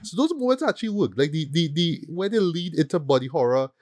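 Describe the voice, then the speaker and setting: A man's voice: on the high side, quick pace, no echo, clean studio sound. A man hosting a casual film review chat, talking animatedly and often stopping to ask "right?". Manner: animated, repeats words and asks "right?" often. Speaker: film review podcast host.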